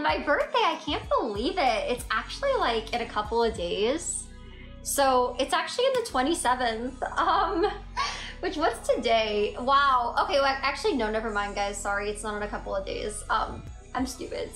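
A woman livestreaming from home on her phone and chatting with viewers. She is giggly and excitable and rambles from comment to comment. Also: a little high. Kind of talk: casual live chat reading comments. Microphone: phone mic. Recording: echoey room with faint music.

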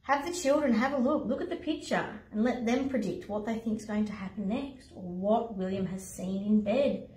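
A woman leading an online playgroup. She reads a picture book aloud and adds gentle explanations for parents. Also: on the high side, normal speed. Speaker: early-years playgroup leader. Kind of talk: reading a picture book aloud to young children. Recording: roomy echo, voice from a distance.

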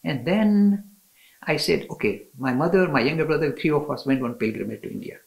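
A man's voice: a little high, brisk, vocal fry, darkish tone, low-quality recording. A man telling spiritual stories as an interview guest, enthusiastic, often laughing and restarting his sentences. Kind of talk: storytelling in a conversation.

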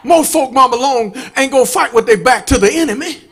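A man's voice: very high-pitched, lively intonation, brisk. A man preaching a fiery sermon as pastor, calling out to the congregation and chanting his lines. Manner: shouting, chanting, call-and-response with congregation. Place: church sanctuary.

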